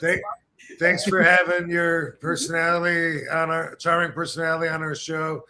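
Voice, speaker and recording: Bright-voiced man hosting a podcast. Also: fairly high pitch, little pitch movement, moderate pace. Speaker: host. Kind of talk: casual podcast chat.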